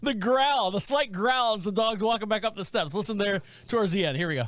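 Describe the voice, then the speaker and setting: A man's voice: high-pitched, fairly quick. A man hosting a podcast, talking casually and laughing often as he comments on a video clip. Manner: animated, laughs often, chatty with fillers. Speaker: podcast host.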